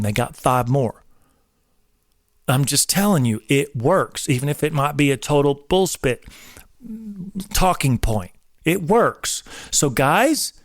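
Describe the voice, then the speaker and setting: A man's voice: a little high, no echo, clean studio sound. A man in his forties giving an emphatic, coach-like talk on faith and marriage, like a drill instructor. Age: 40s. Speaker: host. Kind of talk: casual preaching talk.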